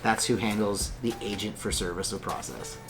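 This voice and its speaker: A man's voice: fairly low pitch, moderate pace, music in the background. Chatty joking lawyer man, rambling vlog talk. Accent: Californian. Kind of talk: casual vlog chat. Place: law office.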